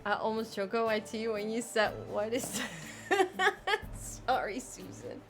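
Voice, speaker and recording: A woman's voice: medium pitch, steady tone, normal speed, soft background music. A woman streaming a zoo-building game live, chatting, exclaiming in frustration, laughing and thanking viewers by name. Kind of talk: live gameplay stream chat.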